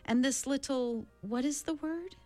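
A woman voicing a gentle, grave alien beast in a storybook, speaking slowly and searching for human words. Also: high voice, faint music behind, pitched above the performer's own voice. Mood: grave, soothing. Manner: slow, measured, searching for words.

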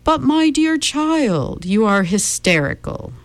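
A woman putting on a slow, condescending villain. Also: high-pitched, big pitch swings, no echo, voice pushed up, exaggerated voice. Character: smooth, menacing man with red eyes.

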